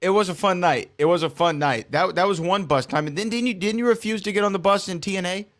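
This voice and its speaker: A man's voice: high voice, quick pace. A man co-hosting a podcast, telling stories in casual chat and laughing often. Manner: lively, laughing storyteller. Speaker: podcast co-host.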